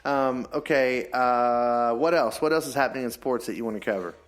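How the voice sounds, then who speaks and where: Man, podcast co-host, teasing storyteller, mid pitch, faint music behind. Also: moderate pace. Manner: joking, teasing, animated storyteller. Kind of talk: casual chat.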